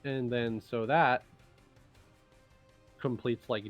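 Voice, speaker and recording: Low-pitched male designer, casual stream host, rambling explainer, faint music bed. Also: steady tone, unhurried, pauses often. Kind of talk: casual livestream chat.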